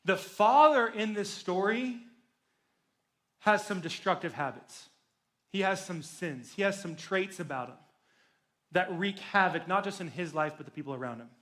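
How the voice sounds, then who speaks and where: A young man gives a youth sermon in a loose, animated storytelling way, with jokes to his teenage listeners. His voice sits high for a man. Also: normal speed. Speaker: youth pastor. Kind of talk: sermon to teens.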